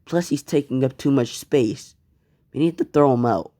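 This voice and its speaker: A man's voice: mid-range voice, normal speed, mellow, dry recording, close to an everyday voice. A man voicing a cold, harsh, disapproving grown father figure.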